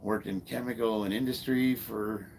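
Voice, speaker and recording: A man in his fifties, a former Marine, telling a long personal story in a casual, halting way, swearing freely and stopping to restart his sentences. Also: fairly low pitch, steady tone, gravelly, darkish tone, slight background noise. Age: 50s. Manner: halting, profane, full of fillers and restarts. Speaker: fitness vlogger and former Marine.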